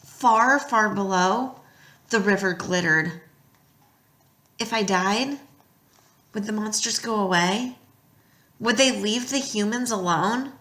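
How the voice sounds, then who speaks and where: A woman reading a novel aloud in first person, with expressive storytelling that drops quiet at tense moments. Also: mid-range voice, takes it slowly, long pauses, reverberant. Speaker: audiobook reader.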